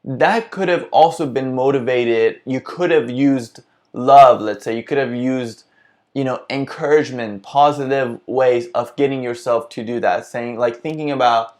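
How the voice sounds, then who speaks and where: Earnest man thinking aloud, mid pitch. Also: a little slow, darkish tone. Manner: earnest, reflective, thinks aloud with many restarts. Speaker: vlog host. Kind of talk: casual self-help monologue.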